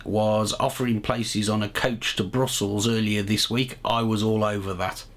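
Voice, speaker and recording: Low-voiced man hosting. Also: a bit bright. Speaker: show host. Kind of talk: casual chat and video diary narration.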